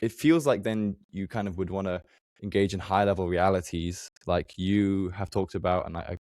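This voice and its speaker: Very low-voiced young man asking hesitant questions. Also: normal speed, darkish tone, no room sound, clean studio sound. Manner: tentative, searching questions with many fillers. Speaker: podcast host. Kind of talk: conversational podcast interview.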